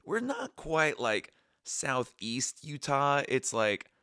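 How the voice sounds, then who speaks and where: A hoarse man with a raspy voice, co-hosting a podcast in a playful, joking casual chat. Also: mid-range voice, big pitch swings, slow, pushed and bright, no echo, studio quality. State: hoarse, raspy voice after shouting at camp. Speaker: podcast co-host.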